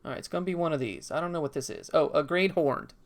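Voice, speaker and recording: Streaming a video game with casual commentary, a man rambles and talks to himself while drawing. His voice is a little high and fast.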